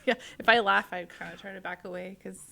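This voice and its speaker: A woman hosting a community radio talk show, loud and close to the mic, chatting casually with plenty of fillers. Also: mid-range voice, fairly even intonation, fast talker, gravelly. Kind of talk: casual interview chat.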